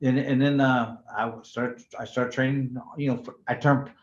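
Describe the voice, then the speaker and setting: Animated boxer telling stories, roomy sound. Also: male voice, mid-range voice, moderate pace. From California. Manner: animated storyteller, swears freely, many restarts. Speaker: retired pro boxer, interview guest. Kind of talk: casual storytelling interview. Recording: roomy, slightly dull sound.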